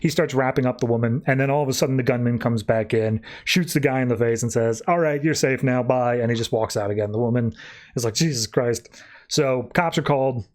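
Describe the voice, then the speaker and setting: A man's voice: medium pitch, steady tone, fast talker. A man hosting a podcast, casually recapping and reviewing a comic book with lots of "uh" and "like". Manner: retells scenes breezily, with lots of "uh" and "like". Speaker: podcast host.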